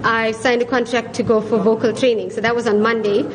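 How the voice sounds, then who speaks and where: A woman's voice: fairly high pitch, level tone, fairly quick, a crowd in the background, low-quality recording. Chatty woman. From South Africa. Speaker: restaurateur. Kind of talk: news interview.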